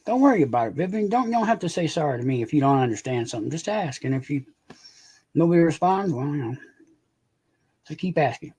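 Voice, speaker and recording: A man's voice: a little high, big pitch swings, quick pace, a little mellow, husky. A man chatting casually on a live stream, rambling, repeating words and swearing offhandedly. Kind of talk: casual chat.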